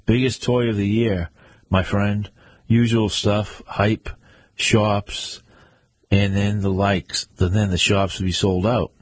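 Brief: a man playing a weary, grumpy cop; low, husky, gruff. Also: flat delivery, slow pace, dry recording. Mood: exasperated. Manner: gruff, exasperated. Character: weary grumpy police officer just off shift.

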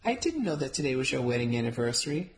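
A woman voicing a quick-witted, friendly young woman. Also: rumbling low, sing-song, slight background noise. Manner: quippy, friendly.

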